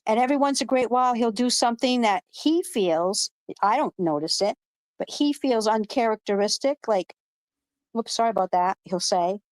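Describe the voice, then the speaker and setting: A woman's voice: a little high, lively intonation, normal speed, no echo. A woman hosting a live online panel in casual chat, rambling and emphatic, swearing freely. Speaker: panel host. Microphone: video call.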